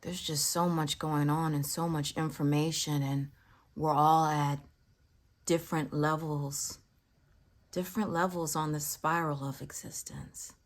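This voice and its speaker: A woman's voice: low voice, steady tone, unhurried. A woman telling a personal story in a casual, reflective way, often dropping into whispers for emphasis. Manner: reflective, spiritual musing.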